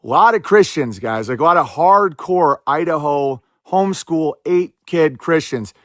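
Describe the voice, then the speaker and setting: Brief: male podcast host, slightly higher voice, sarcastic rapid-fire commentary, dry close sound. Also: lively intonation, a bit bright, no echo. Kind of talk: casual political commentary.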